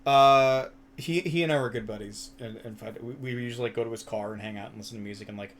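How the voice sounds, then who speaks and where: A man's voice: mid-range voice, fast talker. A young man chatting casually as a stream co-host, telling funny stories, laughing often and swearing freely. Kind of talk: casual chat.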